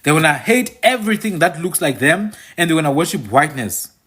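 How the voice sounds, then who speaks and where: A man's voice: a little high, very animated, a little fast, a bit bright, breathy edge. A man with a South African accent who hosts a channel, giving an opinionated monologue to his viewers and repeating phrases for emphasis. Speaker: channel host and commentator.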